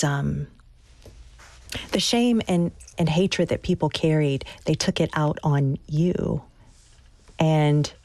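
An interviewer asking questions in a measured, reflective way. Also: medium pitch, a little mellow, no echo.

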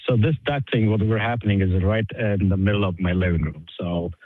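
A man's voice: on the low side, brisk, dry recording. A man calling into a radio show, explaining his question hesitantly with many ums and uhs. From Michigan, USA. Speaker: caller. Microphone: telephone. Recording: tinny phone line, dry.

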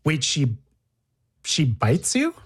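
Curious host asking quick questions. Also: medium pitch, wildly swooping pitch, breathy edge. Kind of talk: interviewing, casual chat.

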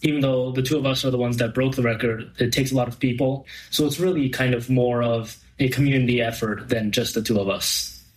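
A young man as a radio interview guest, speaking in a measured way with small hesitations. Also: medium pitch, fairly even intonation, rough recording. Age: young adult.

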